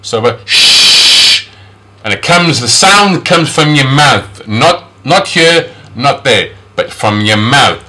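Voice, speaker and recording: A man's voice: lively intonation, slow, few pauses, pushed and bright. A man teaching English phonics, sounding out each sound and repeating the example words several times. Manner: pitch jumps up on model words. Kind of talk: phonics lesson.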